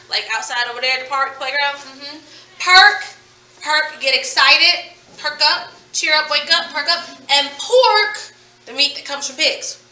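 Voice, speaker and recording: Slow, bright-voiced woman teaching phonics. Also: high voice, distant mic. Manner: slow, stretched-out word modeling with encouraging praise. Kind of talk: phonics lesson to young students. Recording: echoey room, voice from off-mic.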